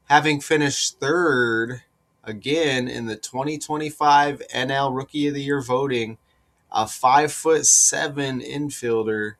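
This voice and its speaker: Slow, insistent man explaining number patterns. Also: medium pitch. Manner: slow, deliberate, rising to excited insistence; repeats points with rhetorical asides. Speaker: sports numerology commentator. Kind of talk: casual solo commentary.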